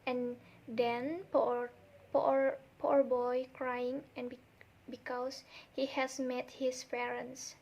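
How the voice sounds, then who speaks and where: A young woman student retelling a folk tale for a literature test, halting, with many restarts and repeated words. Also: sits high, flat delivery.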